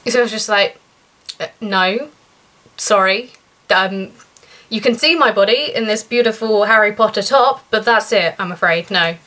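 A woman's voice: moderate pace, pushed and bright. A young woman tells a story to camera in a chatty vlog, turning indignant and exasperated as she retells it. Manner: chatty and indignant, rising pitch when outraged. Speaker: vlogger.

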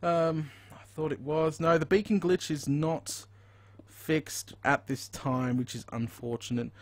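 A man with an Australian accent giving live, chatty commentary as he plays a video game and thinks out loud. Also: on the high side, fairly even intonation, measured pace, no echo. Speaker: gaming streamer.

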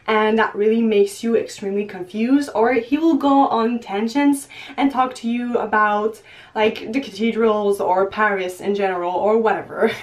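A young woman chats casually to camera as a book vlogger, often breaking into laughs. Her voice sits at an ordinary pitch for a woman. She is picked up a little way off the mic. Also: darkish tone, recorded from a distance.

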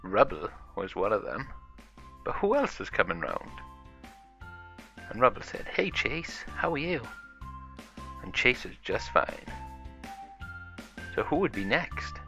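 Bright-voiced man narrating a toy story. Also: on the low side, wildly swooping pitch, a little slow, creaky, long pauses, soft background music. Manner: chatty, improvised plain storytelling.

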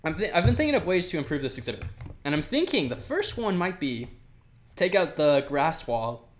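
Very animated and fairly quick, a slightly high male voice comes through with a little hiss or hum. He's a Minecraft let's player chatting loosely over a building game, rambling, laughing frequently, and talking to the animals.

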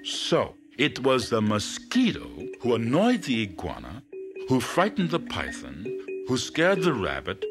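A man voicing a stern male lion king in a storybook tale, speaking slowly and gravely. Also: medium pitch, wildly swooping pitch, over music, voice pushed up. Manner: slow, grave, drawn out.

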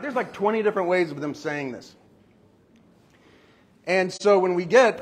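A man telling sales stories to a group, acting out short bits of dialogue with customers in an animated way. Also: high-pitched, breathy edge. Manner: animated, acts out customer dialogue in quick asides. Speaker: roofing company owner sharing sales tactics. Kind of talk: storytelling sales talk.

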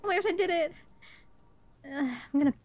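A woman's voice: very high voice, brisk, a little mellow. A woman streamer reacting to a horror game live, jumpy, squealing and laughing her way through the scares.

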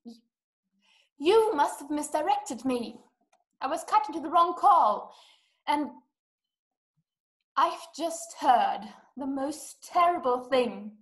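A woman's voice: sits high, animated, slow pace, pauses often, rough recording. An actress playing a frantic, imperious wealthy woman who talks in an urgent, scolding way in an amateur video-call play. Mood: shaken.

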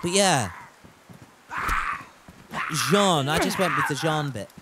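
A man's voice: a little high, animated, takes it slowly, background noise. Chatty man streaming a game. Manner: chatty and joking, swears, reads chat aloud. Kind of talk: casual gameplay commentary.

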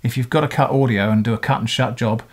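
A middle-aged man chats casually to his camera, answering viewers' comments. He talks in a thoughtful, meandering way, often backing up to fix what he just said. His voice sits at an ordinary middle pitch. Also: fairly even intonation, fast talker. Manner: thoughtful, rambling, with frequent self-corrections. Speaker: video creator answering comments.

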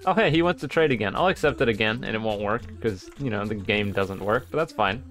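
A man's voice: lowish voice, lively intonation, quick pace, fairly bright tone, faint music behind. A man giving dry, mocking commentary while playing a video game, muttering asides to himself. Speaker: gaming YouTuber. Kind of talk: sarcastic gameplay commentary.

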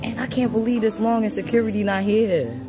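A woman filming a dispute on her phone inside a store, loud and indignant, calling out to bystanders. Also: on the high side, fairly quick, music in the background. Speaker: customer filming a confrontation. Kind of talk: live phone recording of a dispute. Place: indoor retail store. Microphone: phone camera held by the speaker.

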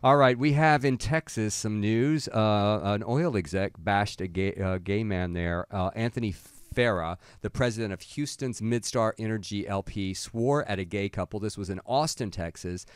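Blunt, low-voiced man co-hosting news chat. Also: normal speed, few pauses, smooth, dry recording. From American South. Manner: blunt, animated retelling. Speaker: co-host.

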